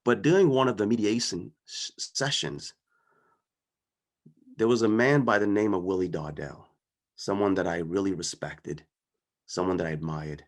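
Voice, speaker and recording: A man with a fairly low voice gives a personal storytelling talk. He speaks earnestly and conversationally, often pausing to check in with his listeners as he goes. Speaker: guest speaker.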